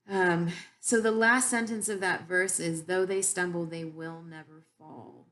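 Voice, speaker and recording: A woman giving an earnest, heartfelt Bible teaching about her own life, with frequent pauses. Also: on the low side, steady tone, fairly bright tone. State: tearful. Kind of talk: personal devotional teaching.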